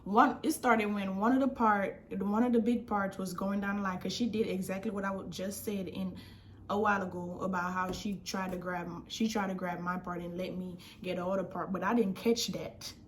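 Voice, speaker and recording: Young woman vlogger, mid-pitch, casual emphatic storytelling. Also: fairly even intonation, moderate pace, a little hiss or hum. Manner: rambling, emphatic retelling with self-corrections.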